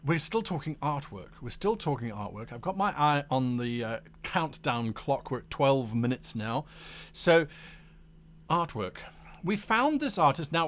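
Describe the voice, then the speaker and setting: A man hosting a livestream about running tabletop games, talking casually while showing a map and acting out quoted voices. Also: medium pitch. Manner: animated, acts out quoted voices. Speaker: game master and show host.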